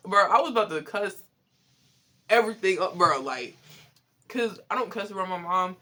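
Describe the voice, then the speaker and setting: Bright high-voiced young man ranting. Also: a little slow, long pauses. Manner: animated, profane, exasperated, laughs often. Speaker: vlogger. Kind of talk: casual storytime monologue.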